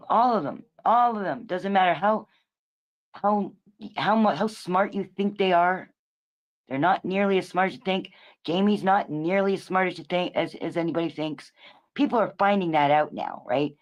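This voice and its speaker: A woman's voice: lowish voice, moderate pace. Profane rambling woman livestreamer. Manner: profane, rambling, self-correcting. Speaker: livestream host. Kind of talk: casual ranting commentary.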